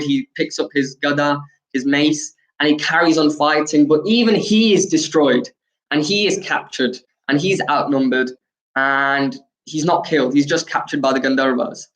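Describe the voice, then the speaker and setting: A male teacher retells an ancient epic in an animated way, slipping into dialogue and leaning on fillers like uh and um. His voice sits a little high for a man. The recording is roomy and echoey. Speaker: spiritual teacher. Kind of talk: storytelling talk. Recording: echoey room.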